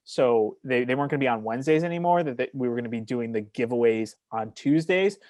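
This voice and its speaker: A man's voice: medium pitch, animated, quick pace, a little mellow, dry recording, studio quality. Playful man guest on a podcast. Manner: playful, self-mocking. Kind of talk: casual chat.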